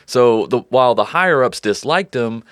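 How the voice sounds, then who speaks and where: A man's voice: mid-range voice, animated, normal speed, no room sound, clean studio sound. A man co-hosting a true crime podcast, telling the story in a loose, joking way and laughing often. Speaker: podcast co-host. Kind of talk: casual true crime chat.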